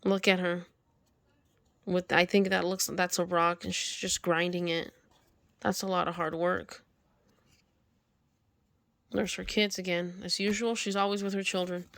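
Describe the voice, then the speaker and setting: A woman's voice: fairly low pitch, flat delivery, unhurried, vocal fry, pauses often, fairly bright tone, no room sound. Chatty woman reading a storybook aloud. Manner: talks back to the story, scolding the animals. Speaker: storybook reader. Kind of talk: reading a picture book aloud with chatty commentary.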